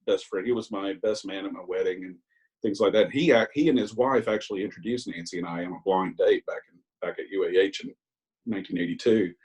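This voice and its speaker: Older man, 60s, husky voice, candid self-deprecating recovery speaker on a video call. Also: lowish voice, darkish tone, rough recording. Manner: candid, self-mocking storytelling with hesitant ums. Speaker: Al-Anon speaker. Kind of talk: personal recovery share.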